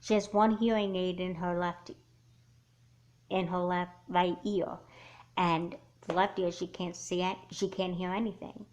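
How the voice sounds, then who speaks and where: A woman voicing an angry, hurt teenage girl in a doll movie, talking in a halting, sighing way. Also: lowish voice, little pitch movement, close to an everyday voice. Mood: wistful.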